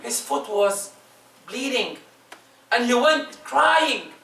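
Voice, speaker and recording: A man preaching a Friday sermon, emphatic, with his voice swinging between loud rises and soft drops. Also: extremely high pitch, lively intonation, takes it slowly, creaky, slight background noise. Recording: echoey room, distant mic.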